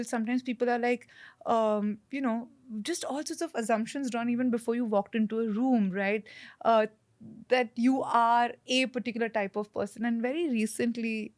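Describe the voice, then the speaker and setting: Woman, slightly high pitch, chatty, animated, podcast guest. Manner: chatty, animated, many fillers and restarts. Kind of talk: casual conversation.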